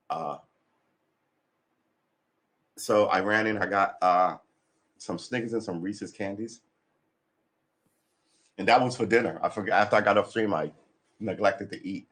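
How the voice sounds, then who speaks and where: A man's voice: lowish voice, a little slow, pauses often, fairly bright tone. A man chatting casually and rambling on his morning livestream, tired and a bit cranky, with lots of sighs and restarts. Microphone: desk mic being adjusted.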